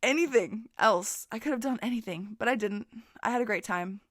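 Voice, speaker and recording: A young woman casually telling a personal story, animated and laughing often, acting out the people she quotes. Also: a little high, fairly quick, dry recording, studio quality. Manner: animated, laughing, swearing, acts out quoted voices.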